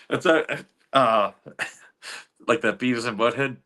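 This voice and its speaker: A middle-aged man reads chat on his livestream, chatting casually and wandering through stories with plenty of chuckles and fillers. He speaks at a medium pitch, slowly and with frequent pauses, in a bright, forceful tone.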